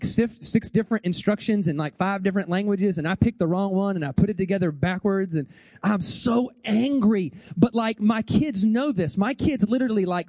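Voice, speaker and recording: A middle-aged pastor delivers a funny, conversational sermon in a notably high voice, talking right to the crowd and acting out quick bits. The sound is dry and close, with almost no room around it. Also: male voice, warm tone, dry recording. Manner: chatty, joking, addresses the congregation directly; acts out voices and gestures in quick asides. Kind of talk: humorous sermon.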